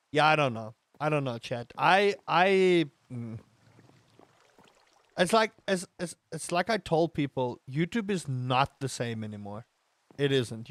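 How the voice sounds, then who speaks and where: Ranting male streamer, slightly high voice. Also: a bit bright, no room sound. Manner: ranting, emphatic repetition; talks to his chat between tangents. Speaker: live streamer. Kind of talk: casual live-stream chat.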